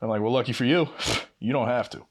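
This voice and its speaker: A young man with a medium-pitched, slightly rough voice talks at a quick pace while co-hosting a podcast. He casually tells a long work story, swearing often and animatedly acting out both sides of quoted arguments.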